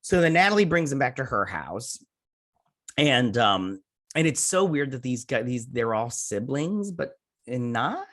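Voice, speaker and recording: A man's voice: mid-range voice, big pitch swings, unhurried, a bit bright. A man hosting a casual show review, rambling through scene recaps with lots of "he's like" retellings and jokey asides about himself. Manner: self-mocking jokey asides. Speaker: host.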